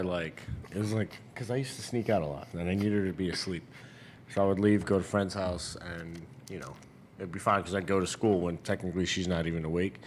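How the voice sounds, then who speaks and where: A man's voice: low voice, a little hiss or hum. A young man, back from the military, telling crude stories between bursts of laughter in a casual podcast chat. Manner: storytelling, laughing often, crude and loose.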